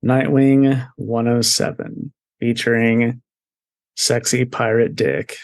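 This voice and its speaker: A man's voice: mid-range voice, level tone, slow, no room sound. A man co-hosting a podcast, talking casually about comics in a laid-back way, swearing and laughing often. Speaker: podcast co-host. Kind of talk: casual comic review chat.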